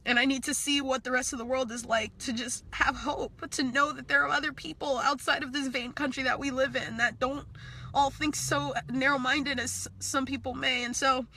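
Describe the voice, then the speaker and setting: Tearful young woman, high bright voice. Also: steady tone, slight background noise. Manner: nervous, halting, stumbles and repeats words. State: tearful, crying. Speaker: vlogger. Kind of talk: emotional live-stream monologue.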